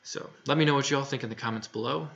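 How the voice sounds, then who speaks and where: Guy doing a chatty review, bright forceful voice, kinda dull lo-fi audio. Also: medium pitch, rapid-fire, gravelly. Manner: frank, plainspoken, with many fillers and restarts. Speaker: album reviewer. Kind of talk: casual solo review.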